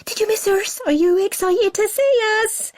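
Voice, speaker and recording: A woman voicing an excitable little girl who squeals eagerly at her big brother in an audiobook. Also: extremely high pitch, normal speed, dry recording, studio quality, pitched above the performer's own voice. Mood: excited. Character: excitable little girl, bouncy twin sister.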